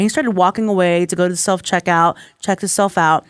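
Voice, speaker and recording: A woman's voice: on the low side, moderate pace, hardly any pauses, clear, resonant tone, no room sound, studio quality. A woman co-hosting a radio show, casually telling a story. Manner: storytelling, conversational. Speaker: radio co-host.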